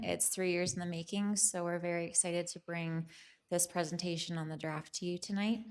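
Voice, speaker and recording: A woman giving a staff presentation to a town council, explaining steadily with frequent ums. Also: fairly low pitch. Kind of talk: formal presentation.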